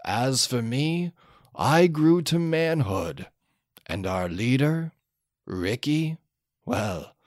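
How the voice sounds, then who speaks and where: A man voicing a grave narrator who closes a film's story, speaking in a slow, solemn storytelling way. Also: mid-range voice, animated, no room sound, clean studio sound.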